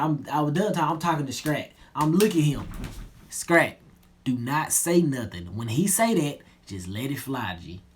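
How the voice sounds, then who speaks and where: A young man tells a story in an easygoing, slangy way. His voice sits at an ordinary pitch. His sentences often sink low and soft at the end. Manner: laid-back slangy retelling, drops low and quiet at line ends. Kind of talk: casual storytelling.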